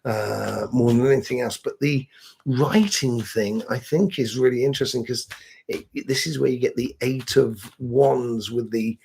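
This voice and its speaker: A man's voice: mid-range voice, moderate pace, gravelly, a little mellow, breathy edge. A man giving live tarot readings to viewers in a rambling, hesitant way, full of fillers and restarts. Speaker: tarot reader answering viewers.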